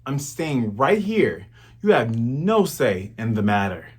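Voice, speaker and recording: A man's voice: medium pitch, very animated, takes it slowly, husky, pitched below the performer's own voice, heavily acted. A man voicing a proud, hot-headed young male cook who talks back defiantly. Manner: defiant, insistent.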